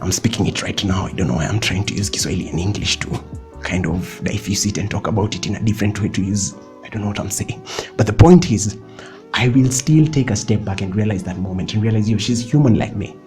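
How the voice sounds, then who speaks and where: A young man talks through self-help tips in a relaxed vlog, his voice low-set and mellow. He keeps it chatty and joking, chuckling at himself as he goes, with soft music playing underneath. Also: fast. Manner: chatty and playful, laughing often, mixing in Swahili slang. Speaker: vlogger. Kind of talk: casual motivational vlog talk.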